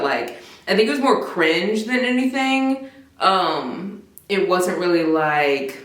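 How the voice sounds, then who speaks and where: A woman's voice: lowish voice, a bit bright, roomy sound, far from the mic. A young adult woman chatting casually in a reading vlog, giggling often and rambling with many fillers. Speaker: booktuber.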